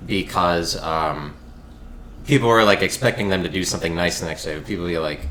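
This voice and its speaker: A man hosting a podcast, chatting casually in a halting way full of fillers. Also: low voice, a bit bright. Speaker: podcast host. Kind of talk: casual conversation. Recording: roomy with faint noise.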